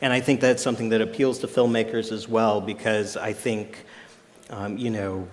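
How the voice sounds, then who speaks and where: Panel author: man, lowish voice, thoughtful and rambling, with a long hall reverb behind him. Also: flat delivery, normal speed. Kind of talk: panel talk. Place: live event venue.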